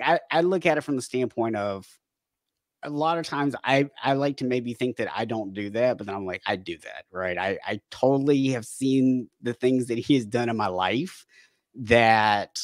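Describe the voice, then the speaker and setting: A man speaking as a podcast guest and habit coach, talking casually with animated bursts and frequent restarts, sometimes acting out his own panicked thoughts. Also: mid-range voice, normal speed, no echo, studio quality. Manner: animated storytelling, acting out panicked inner voices; frequent restarts and repeated words. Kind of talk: casual conversational interview.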